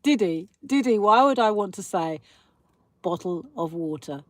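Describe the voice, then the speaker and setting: A woman's voice: mid-range voice, lively intonation, unhurried, no echo. A British woman hosting a casual live stream, chatting and ranting as she answers viewer comments. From Britain. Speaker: livestream host.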